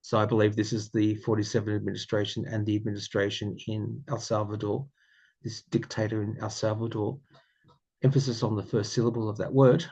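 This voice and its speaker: A man with an Australian accent giving a casual tarot reading, musing aloud and often repeating his phrases with ums and soft laughs. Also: on the low side, level tone, fast, hardly any pauses, husky, low-quality recording. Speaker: tarot reader.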